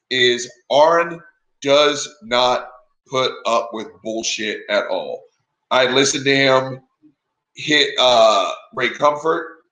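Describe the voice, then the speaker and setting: Guest, forthright man, bright edgy tone, room echo around him. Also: medium pitch. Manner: forthright, blunt, emphatic. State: clearing throat from allergies. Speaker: interview guest. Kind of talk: casual interview chat. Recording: echoey room.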